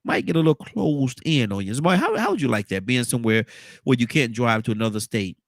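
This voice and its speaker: A man hosts a relaxed morning talk show. His voice sits in a middle pitch and he rambles, repeating words as he goes. The sound is dry and close. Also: fast, no echo. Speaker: host. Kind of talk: casual morning show chat.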